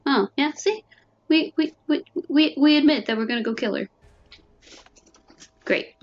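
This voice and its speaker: A woman's voice: fairly high pitch, moderate pace, gravelly, long pauses, lo-fi sound. A young woman streamer chatting and giggling casually while playing a story game. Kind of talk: casual game playthrough commentary.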